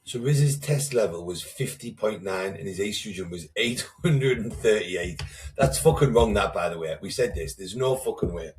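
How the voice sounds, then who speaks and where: A man's voice: on the low side, animated, moderate pace, echoey room, distant mic. A man co-hosting a casual podcast chat, blunt and swearing freely as he retells conversations. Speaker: podcast co-host, coach.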